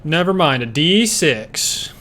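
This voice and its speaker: A man's voice: on the high side, sing-song, slow pace, pushed and bright. A man running a tabletop role-playing game, narrating scenes and calling for dice rolls in a laid-back way. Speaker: game master.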